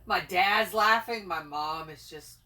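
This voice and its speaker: A woman's voice: lowish voice, slow, bright, forceful tone. A woman casually telling a funny family story to her co-host, laughing easily. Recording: distant mic with faint noise.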